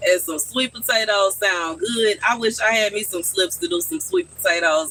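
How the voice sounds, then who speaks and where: A man's voice: high voice, lively intonation, normal speed, hardly any pauses, pushed and bright, a little hiss or hum, rough recording. A man chatting casually on a live stream from his backyard garden, answering his viewers' questions.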